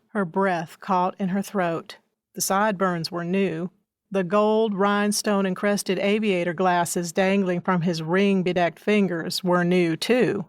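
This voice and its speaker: A woman reading fiction for an audiobook, expressive and measured. She takes her time through each line, her voice mid-pitched. The studio sound is close and dry. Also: clear, resonant tone, dry recording. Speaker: audiobook narrator. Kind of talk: scripted fiction narration.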